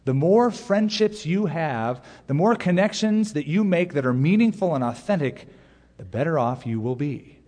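A man's voice: a little high, expressive, darkish tone. Earnest preaching man in echoing hall. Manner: earnest preaching with pauses and sudden emphatic rises. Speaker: pastor. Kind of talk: sermon. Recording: long reverb of a large hall.

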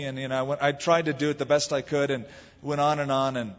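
A man's voice: on the high side, fairly even intonation, fast. A man from the United States preaching a sermon, telling the story in a conversational, storytelling way and leaning into the quoted lines. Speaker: pastor. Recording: lo-fi recording in a reverberant hall.

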